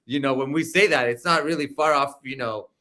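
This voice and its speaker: A man giving casual political commentary over a video call, animated and full of fillers. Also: mid-range voice, fairly quick. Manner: animated, filler-heavy, loud mimicking outbursts.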